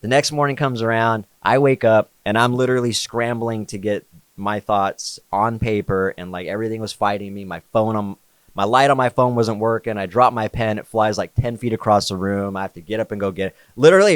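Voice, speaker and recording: This podcast guest is a man with a lowish, clean-toned voice who speaks a little fast, recorded with no room sound. Easygoing and slangy, he recounts a story, frequently using "like" and "dude."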